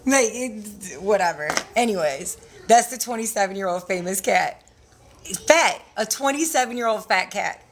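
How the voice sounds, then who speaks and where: A young woman hosts a casual livestream selling credit classes, her medium-pitched voice expressive and at normal speed over a noisy background. She's blunt, swears a lot, and laughs often.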